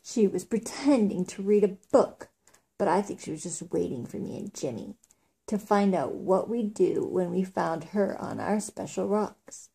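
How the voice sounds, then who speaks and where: A woman's voice: medium pitch, expressive, measured pace, gravelly, warm tone, husky. A woman reading a children's book aloud in a casual way, with small slips. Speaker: reader.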